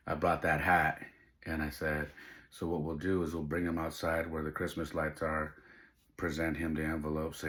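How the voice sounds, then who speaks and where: A man's voice: a bass voice, fairly bright tone. A middle-aged man hosting a podcast, telling a personal story in an emotional, tearful way while crying. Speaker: podcast host.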